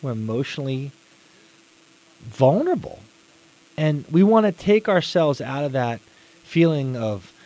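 Animated man giving a faith talk. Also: on the high side, measured pace, long pauses, poor audio. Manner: earnest, animated, repeats words for emphasis. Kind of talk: religious teaching talk.

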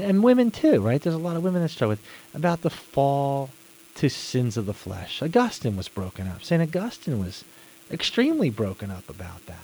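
A man's voice: medium pitch, a little mellow, rough recording. A man giving an earnest religious teaching talk, often repeating words for emphasis.

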